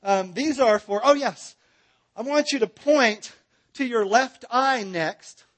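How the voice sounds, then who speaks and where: A man's voice: very high-pitched, takes it slowly, a bit bright. A man teaching a Bible seminar in a church, joking with and directing his audience.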